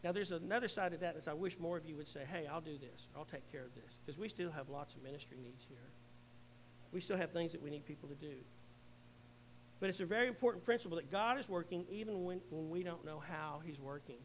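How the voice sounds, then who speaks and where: A middle-aged male pastor preaching a sermon, earnestly, swelling loud and then dropping to a hush. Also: fairly high pitch, fast talker, a little hiss or hum, rough recording.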